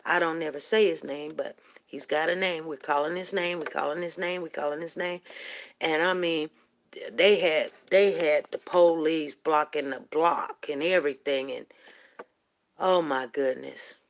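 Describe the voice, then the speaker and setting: An older woman tells a personal story in a rambling, emotional way, rising to near shouting at tense moments. Her voice is low-pitched with a steady tone and a moderate pace.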